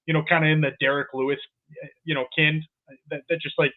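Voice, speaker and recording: A male co-host with a slightly high voice, heard through a tinny, phone-like mic. He talks through picks and fights in a loose, rambling way and laughs often. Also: level tone, brisk. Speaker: podcast co-host. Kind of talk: casual sports betting podcast chat.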